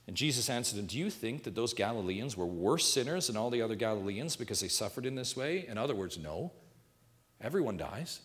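A man preaching a sermon from the pulpit. His delivery swings widely, dropping to hushed, low tones and then climbing to loud, high peaks of intensity. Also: expressive, fairly quick. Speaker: pastor.

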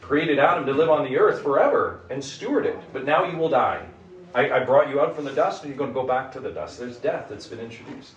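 A man's voice: medium pitch, expressive, a little fast, dull audio. A man leading a group Bible study. He teaches in an emphatic way and keeps asking the group questions. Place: room with a small group. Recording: echoey room, mic at a distance.

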